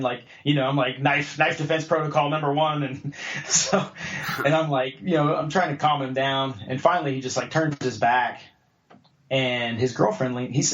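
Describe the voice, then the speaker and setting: A man guest on a podcast telling a story casually, acting out other people's lines in a raised voice. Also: mid-range voice. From United States. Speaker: podcast guest, jiu-jitsu black belt. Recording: roomy, slightly dull podcast audio.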